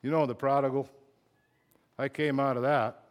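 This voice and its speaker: A middle-aged man preaching a sermon, moving between quiet confiding talk and loud impassioned bursts, emotional at times. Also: mid-range voice, level tone, normal speed. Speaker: pastor.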